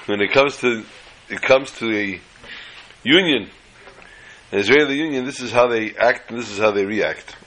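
A man's voice: medium pitch, normal speed, long pauses, a bit bright, poor audio. Joke-telling male Torah teacher. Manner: chatty storyteller, acts out jokes. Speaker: rabbi teaching a weekly class. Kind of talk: Torah class told with jokes.

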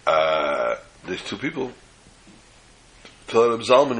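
A man telling a folk story in an animated way, slipping in Yiddish phrases. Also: on the low side, normal speed, long pauses, husky, rough recording.

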